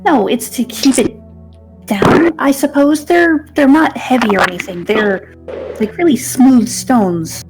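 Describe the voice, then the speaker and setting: A woman's voice: high voice, measured pace, darkish tone, soft background music. A woman playing a tabletop game, talking hesitantly and repeating her words. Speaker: player.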